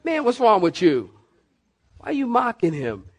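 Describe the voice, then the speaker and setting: A man's voice: high voice, wildly swooping pitch, moderate pace, pitched above the performer's own voice, heavily acted. A man acting out a repentant thief on a cross in his own blunt, casual way while preaching. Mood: pleading. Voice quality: casual street-talk manner. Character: rough-spoken repentant male thief on a cross. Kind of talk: preacher acting out a Bible story.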